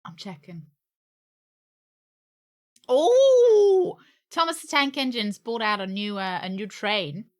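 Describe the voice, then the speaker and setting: A woman's voice: medium pitch, expressive, normal speed, hardly any pauses, fairly bright tone. A woman streaming a video game, joking, giggling and thinking aloud as she plays. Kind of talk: casual gameplay commentary.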